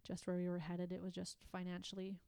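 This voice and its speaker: A woman from Canada, a guest in a conversation, telling a personal story in a halting, emotional way with many restarts. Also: on the low side, completely flat delivery, creaky, warm tone, smooth, no echo.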